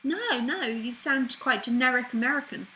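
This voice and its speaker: A woman's voice: high voice, lively intonation, moderate pace, bright, forceful tone, slight background noise, poor audio. A woman leading a spiritual call-in talk, playful and direct, laughing often. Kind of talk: casual spiritual dialogue.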